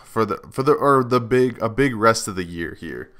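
A man's voice: fairly low pitch, lively intonation, normal speed, fairly bright tone. A young man in casual gaming chat, agreeable and hesitant with many fillers.

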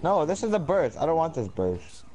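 Lively profane gamer man. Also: a little high, moderate pace. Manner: profane, loud complaining. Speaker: gamer chatting with friends. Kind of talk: casual gaming banter.

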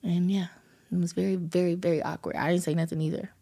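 A woman with a low voice tells a story as a podcast guest. She talks casually and animatedly, and laughs through parts of it. The delivery is loose and conversational. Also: flat delivery, fast, creaky, dark tone.

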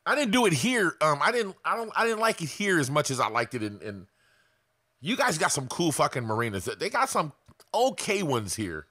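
A man's voice: fairly high pitch, big pitch swings, moderate pace, bright, forceful tone, no echo. A man giving casual, blunt sales coaching to camera, swearing freely.

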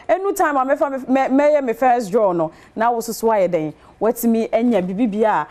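A woman's voice: fairly high pitch, brisk, few pauses, darkish tone. A woman hosting a TV chat show, talking in a sing-song way and repeating words in rhythmic runs. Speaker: talk show host. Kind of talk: lively TV chat show hosting with on-air promos.

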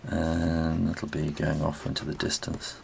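British man, middle-aged, deep gravelly voice, chatty drawing tutorial, faint hiss. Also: monotone, a little slow, darkish tone. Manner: chatty, talks while drawing, trails off and restarts. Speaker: illustrator teaching drawing. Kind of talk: relaxed spoken drawing tutorial.

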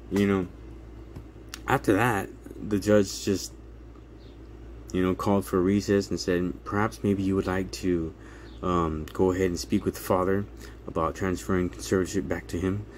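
A man with a somewhat low voice tells a story to his viewers, casual and animated. He acts out the people in the story and laughs as he goes, checking in with "right?" every few lines. A faint hum of ambience sits behind him. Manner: animated retelling, acts out quotes, laughs often, keeps asking "right?". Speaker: channel host telling a court story.

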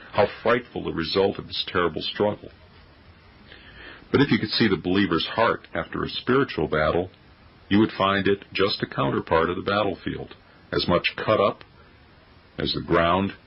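Gravelly, husky man preaching solemnly. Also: low-pitched, lo-fi sound. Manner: solemn, formal oratory with old-fashioned wording. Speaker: preacher reading a sermon. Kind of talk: sermon reading.

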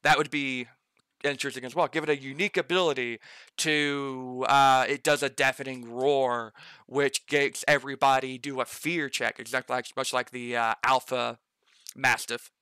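A man's voice: medium pitch, steady tone, moderate pace, sharp tone, clean tone, dry recording. A man game master thinking aloud as he builds a dungeon map, muttering corrections to himself and noting he has slipped into an odd accent.

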